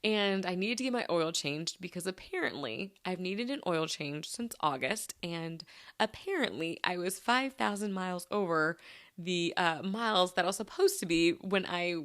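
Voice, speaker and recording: A woman's voice: fairly low pitch, lively intonation, normal speed, fairly bright tone. A woman podcast host, telling stories in a chatty, casual way with lots of fillers. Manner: chatty storytelling with many fillers. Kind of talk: casual chat.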